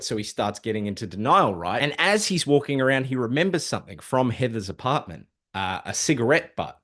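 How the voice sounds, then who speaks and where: A man's voice: medium pitch, brisk, hardly any pauses. Male host with a mid-range voice, loose, swearing, sardonic recap delivery. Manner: profane, animated storytelling with sarcastic asides. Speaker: comic book video host. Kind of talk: casual comic recap.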